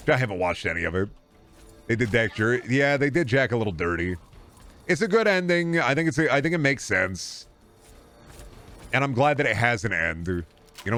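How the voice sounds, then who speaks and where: A man's voice: mid-range voice, fairly bright tone. A man chatting casually and swearing freely as he streams a game, rambling from one joke to the next. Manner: rambling, profane, jokey.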